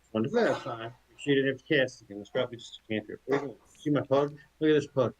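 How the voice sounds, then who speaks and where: Casting: a male game master with a husky voice, loose and joking as he narrates. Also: mid-range voice, racing, low-quality recording. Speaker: dungeon master.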